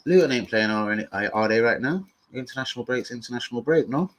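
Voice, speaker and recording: A man's voice: mid-range voice, expressive, fast talker. Slangy, profane young man streaming live. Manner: profane, combative banter with chat trolls, slangy. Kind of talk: casual live-stream chat.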